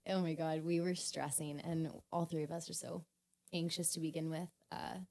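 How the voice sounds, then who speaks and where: A young woman, a podcast guest telling a story in a casual, animated way, laughing and swearing often. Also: deep voice, normal speed.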